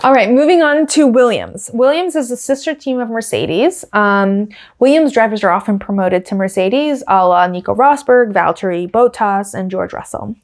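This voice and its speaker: A woman's voice: on the high side, normal speed, hardly any pauses. A young woman hosting a podcast, talking in a casual, gushing and opinionated way with lots of fillers. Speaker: podcast host. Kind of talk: casual chatty commentary.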